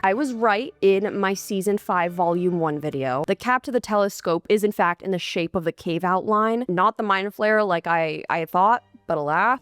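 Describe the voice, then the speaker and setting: A young woman giving a casual, sarcastic commentary on a series, swearing and throwing in animated asides. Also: mid-range voice, no room sound. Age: young adult. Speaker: video essayist.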